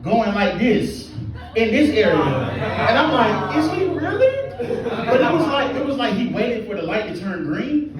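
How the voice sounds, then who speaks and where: A man doing a stand-up comedy set in a small comedy club, telling stories with animated energy and acting out the people in them. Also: high-pitched, measured pace. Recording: echoey club from far off, crowd. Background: audience laughing.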